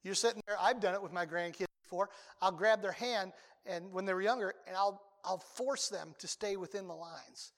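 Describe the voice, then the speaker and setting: High-voiced older pastor preaching in a hall. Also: male voice, moderate pace. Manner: conversational preaching with sudden loud outbursts. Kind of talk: sermon.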